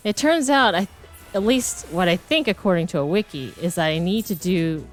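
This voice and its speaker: A woman streamer talks over her game in a loose, rambling way, stopping and restarting her sentences. Her voice sits a little low for a woman, and faint game music plays underneath. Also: lively intonation, moderate pace. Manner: rambling, full of likes and restarts. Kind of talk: casual gameplay chat.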